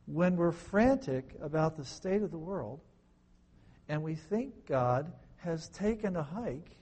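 A man giving conversational Bible teaching, firing rhetorical questions at listeners with wry, sarcastic asides and swinging between soft and loud delivery. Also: on the high side, lively intonation, slow pace, slightly rough. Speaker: pastor.

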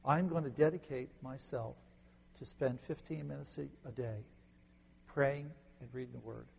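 A man preaching a sermon as a pastor, swinging from emphatic peaks down to quiet low phrases. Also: steady tone, moderate pace, gravelly, a little hiss or hum. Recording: long reverb in a large hall.

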